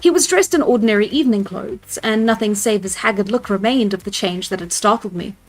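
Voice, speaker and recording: A woman's voice: mid-range voice, brisk. Woman reading a classic novel aloud. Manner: laughs at her own voice choices in asides. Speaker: storyteller streamer. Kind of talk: live read-aloud of a novel. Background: soft background music.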